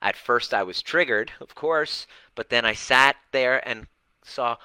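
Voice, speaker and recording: Fired-up, blunt man with very bright voice. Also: medium pitch, a little slow, smooth, no room sound, low-quality recording. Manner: passionate, blunt, swears for emphasis; dramatic, fired up. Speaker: relationship and healing coach. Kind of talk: livestream talk to an online group.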